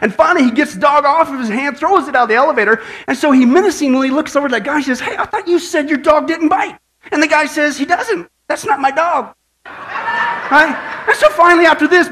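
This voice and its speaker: A man preaching a sermon, opening with a long joke and then turning to teaching, tagging many lines with "right?" to draw in the congregation. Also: very high voice. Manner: animated storyteller, tags lines with "right?". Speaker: pastor.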